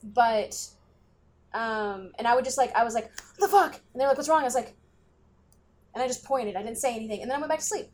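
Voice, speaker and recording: A woman's voice: on the high side, brisk, long pauses. A young woman co-hosting a podcast, telling stories in casual chat full of fillers and swearing. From grew up in the country. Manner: rambling, swears freely, many fillers. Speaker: podcast co-host.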